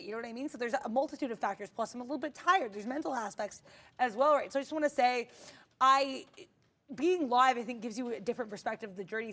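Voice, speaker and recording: A woman's voice: a little high, a bit bright. A woman co-hosting a live trading stream, talking candidly and chattily with playful bursts. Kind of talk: live market commentary.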